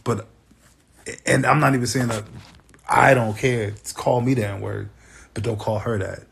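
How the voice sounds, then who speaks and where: A man hosting a podcast, talking in a halting, emotional, rambling way. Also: mid-range voice, steady tone, gravelly, a little hiss or hum. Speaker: podcast host. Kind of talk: casual monologue.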